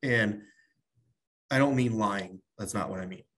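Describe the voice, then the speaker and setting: A man's voice: fairly low pitch, a little slow, a bit bright, slight background noise. A man, a tax strategist guest in an interview, explaining things in a loose, storytelling way with many fillers. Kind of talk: casual interview talk.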